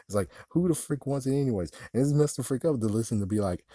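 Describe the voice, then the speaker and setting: A man's voice: mid-range voice, expressive, fast, dark tone, no room sound, studio quality. A man giving a casual movie review as an exasperated, profane rant, often laughing at his own jokes.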